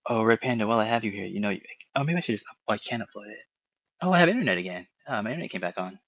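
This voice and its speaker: A man in a casual voice chat, hurrying along but stumbling through filler words and restarts. His voice is fairly low. A dull, lo-fi mic leaves it dry and muffled. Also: lively intonation, racing, fairly bright tone, no room sound.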